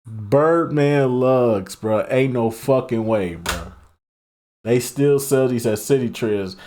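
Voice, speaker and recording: A man hosting a reaction video, swearing and mocking what he watches, laughing loudly and talking in slangy street talk. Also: mid-range voice, slow, a little hiss or hum. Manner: profane, mocking, bursts into loud laughter. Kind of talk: casual reaction commentary.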